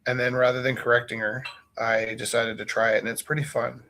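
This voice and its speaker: A man's voice: medium pitch, brisk. Forties guy, art teacher yarning away while he paints, loose and jokey, mid-range voice. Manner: animated, acts out his students' voices; loose and joking. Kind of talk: casual storytelling while painting.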